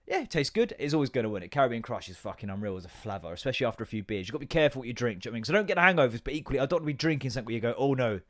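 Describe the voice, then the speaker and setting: A man's voice: medium pitch, lively intonation, very fast, hardly any pauses. A man in his thirties hosting a podcast, rambling through a sweary, self-mocking comic rant. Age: 30s. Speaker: podcast host. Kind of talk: solo comedic rant.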